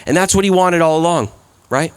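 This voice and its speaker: The voice is a man's, a little high and clean in tone, moving a little fast with no room sound. As a guest preacher at an events center church service, he relays stories conversationally and leans on "like" and "right?" often.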